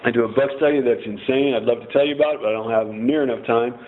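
A man's voice: medium pitch, quick pace. A man sharing his story at a recovery meeting, rambling, swearing freely and cracking self-mocking jokes. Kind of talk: casual personal share. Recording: tinny phone-like recording.

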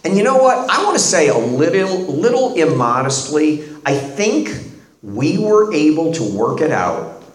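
Middle-aged man sharing his story, unhurried but lively, self-mocking humor, echoey room. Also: fairly high pitch. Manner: animated, self-deprecating storytelling with laughs. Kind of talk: personal recovery talk.

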